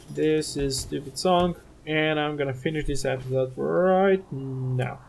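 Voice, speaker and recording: A man's voice: mid-range voice, measured pace, creaky, slight background noise. A man giving gameplay commentary as a let's play host, muttering to himself, exasperated and swearing at his desk microphone.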